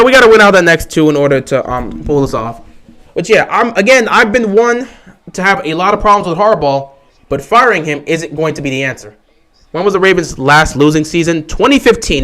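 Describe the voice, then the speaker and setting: A man's voice: sits high, a bit bright. A man hosting a casual sports fan livestream, talking in an opinionated, emphatic way, repeating his points and answering viewers' questions. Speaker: livestream host.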